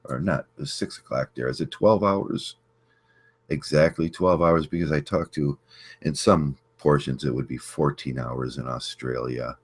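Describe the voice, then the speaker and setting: A man hosting a casual livestream, greeting chat viewers and telling a story in a rambling, halting way with many fillers. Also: husky. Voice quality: very deep voice. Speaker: livestream host.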